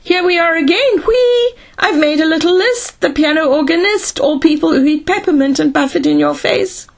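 A woman doing a giddy, high-pitched malfunctioning robot. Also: normal speed. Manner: singsong, giddy babbling.

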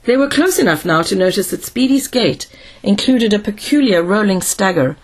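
A woman reading a science fiction story aloud in a measured, even narration. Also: mid-range voice, husky. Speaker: audiobook narrator. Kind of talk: scripted narration.

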